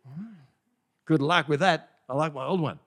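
A man preaching a sermon in a conversational, animated way, often asking the congregation questions. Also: a little high, moderate pace.

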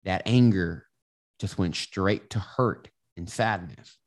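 A self-help coach with a low-sitting voice talks slowly to camera, offering candid, casual advice. He explains it through a personal story, restarting often.

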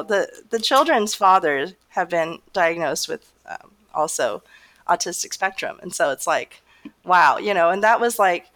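A woman's voice: fairly low pitch, a bit bright. Laughing, rambling woman in casual talk. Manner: laughs often, rambling with many fillers. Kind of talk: casual conversation.

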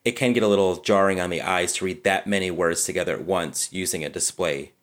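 A man with a very low, deep voice talks through book layout in a relaxed podcast chat. He is easygoing and drops in frequent "you know"s as he explains. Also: quick pace. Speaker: podcast co-host, book designer.

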